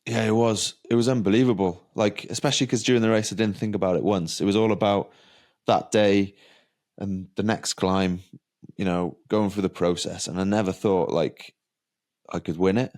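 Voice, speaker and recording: Low-voiced Welsh man, relaxed and reflective. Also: moderate pace. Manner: relaxed, matter-of-fact, full of fillers like "like" and "you know". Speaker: professional cyclist. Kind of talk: reflective interview chat. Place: lying on a massage table.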